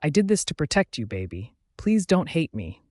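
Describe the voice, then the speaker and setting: A man's voice: a little high, big pitch swings, normal speed, darkish tone, no echo, studio quality. A man voicing a tormented young male werewolf alpha, pleading and emotional. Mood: anguished. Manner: anguished, pleading, emotional outbursts.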